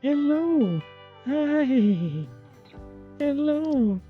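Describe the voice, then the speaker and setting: A woman cooing at a cat in a high sing-song voice, drawing out each call. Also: big pitch swings, very slow, pauses often. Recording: tinny, phone-like with faint music.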